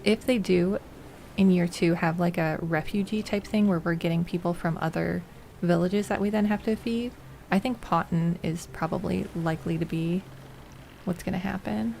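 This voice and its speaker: A woman streamer chatting casually and excitably as she plays, thinking aloud. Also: on the low side, moderate pace, gravelly. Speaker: game streamer. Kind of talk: casual gameplay commentary. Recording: noisy home recording.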